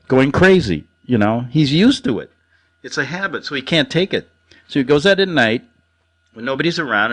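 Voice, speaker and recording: Rambling, mocking male talk host. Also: mid-range voice. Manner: rambling, mocking, laughs often. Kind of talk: casual radio monologue.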